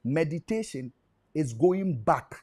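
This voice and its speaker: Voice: mid-range voice, animated, slow, dark tone, husky. A guest explaining spiritual ideas patiently, often checking that the listener follows. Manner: patient teaching, checks understanding. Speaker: studio guest.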